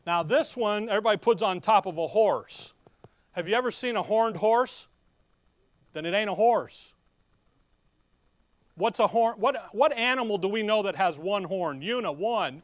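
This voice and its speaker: A middle-aged man preaching a sermon in a folksy, animated way, reading scripture slowly and loudly between casual asides. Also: high voice, dry recording.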